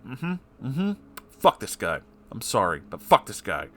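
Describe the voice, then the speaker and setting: A man's voice: lowish voice, huge pitch swings, a little slow, a bit bright. A man reading a story aloud and often breaking off to swear and react angrily. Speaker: story reader.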